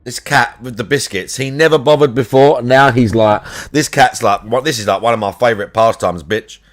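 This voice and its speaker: A man's voice: medium pitch, a little fast. Sweary man streaming. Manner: crude, sweary banter, teasing his cat. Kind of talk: casual live-stream chat.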